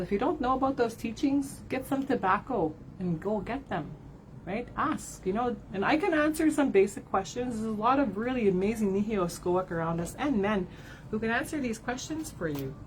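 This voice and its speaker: A woman's voice: a little high, animated, moderate pace, a little hiss or hum, poor audio. Tearful, candid woman card reader. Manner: candid, swears, often tags "right?". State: tearful at times. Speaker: card reader and spiritual advisor. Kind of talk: emotional livestream talk to followers.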